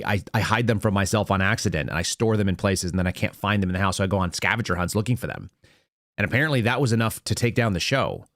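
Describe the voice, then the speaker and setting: A man's voice: fairly low pitch, no room sound, studio quality. A man hosting a live political commentary show, talking casually and bluntly with sardonic, rambling asides. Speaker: podcast host.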